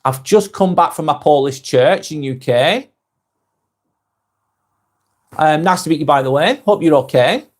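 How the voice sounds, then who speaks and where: A man hosting a live vlog, chatting casually and reading viewers' comments aloud, with frequent "um"s and quick apologies. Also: a little high, animated. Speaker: live-stream host.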